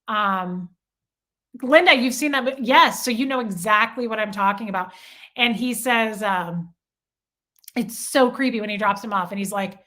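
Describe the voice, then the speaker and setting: A woman's voice: medium pitch, normal speed, fairly bright tone. A woman hosting a livestream, chatting casually and gushing as she reads out viewer comments. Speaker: livestream host.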